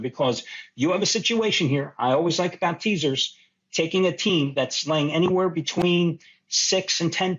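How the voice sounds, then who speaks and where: A middle-aged man giving sports betting picks in casual podcast chat, animated and quick in bursts, with a husky voice. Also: fairly high pitch, lo-fi sound. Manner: animated, talks fast in bursts, laughs in disbelief.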